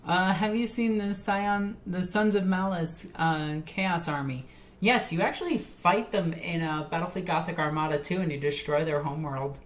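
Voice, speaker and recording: A woman's voice: on the low side, normal speed. A tipsy woman streamer chatting casually with her live chat, rambling and laughing often.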